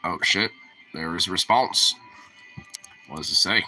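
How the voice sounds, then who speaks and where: Low-voiced guy streaming, real sharp bright tone, sniffly, rambly and swears a lot. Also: measured pace, faint music behind. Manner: rambling and profane, heavy on fillers. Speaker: livestreamer. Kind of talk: casual stream chat.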